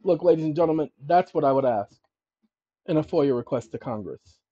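A man hosting his own channel, walking viewers through legal paperwork on his screen in an emphatic way, often calling them "ladies and gentlemen" and checking in with "okay?". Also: a little high, expressive, fairly quick, dry recording. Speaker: channel host giving legal advice. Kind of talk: instructional screen-share talk. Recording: dull lo-fi recording.

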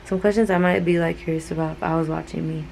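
A young woman from California with a Californian accent, chatting casually to her vlog camera in a relaxed, slangy way, full of "like". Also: low-pitched, fast, vocal fry, slight background noise, poor audio. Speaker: vlogger. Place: in a car, then a restaurant. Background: loud music.

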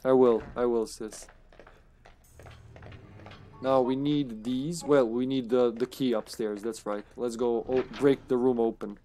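A man's voice: mid-range voice, steady tone, measured pace, long pauses, warm tone, slight background noise. Joking male game streamer. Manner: joking, laughs often, talks to his co-op partner. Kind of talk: casual live gameplay commentary.

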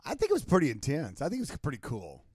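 A man co-hosting a podcast who keeps tossing in jokes and quick quips, his voice swinging widely in pitch. The sound is dry and close to the mic. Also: wildly swooping pitch, a little mellow, slightly rough, no room sound. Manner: joking interjections, quick quips. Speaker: podcast co-host. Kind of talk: casual chat.

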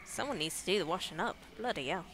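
A woman's voice: on the low side, expressive, fast, fairly bright tone, slight background noise. A young woman with an English Midlands accent chatting casually and giggling as she streams a game. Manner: chatty, giggly, reacts aloud to scares. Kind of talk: casual live gameplay commentary.

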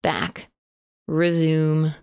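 A woman's voice: low-pitched, monotone, extremely slow, a little mellow, smooth. A woman streaming a horror game live, chatting to viewers, yelping at jump scares and swearing casually. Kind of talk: live horror gameplay commentary.

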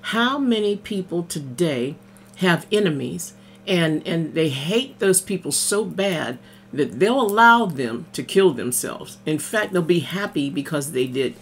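A woman's voice: fairly low pitch, expressive, measured pace, slight background noise. A woman minister giving a casual devotional sermon over morning coffee. She reads scripture aloud, explains it in plain conversational words, and often says amen and hallelujah.

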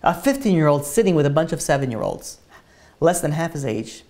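A woman's voice: deep voice, sing-song, fairly quick, mellow. A woman giving an earnest sermon-style talk, telling stories with many restarts and acting out the quotes. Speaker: speaker giving a Tisha B'Av talk. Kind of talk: sermon with storytelling.

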